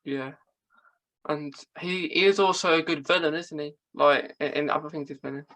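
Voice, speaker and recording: A man's voice: on the high side, fairly even intonation, normal speed, bright, forceful tone, poor audio. A man speaking as a podcast guest in casual chat, hesitant and full of fillers and restarts.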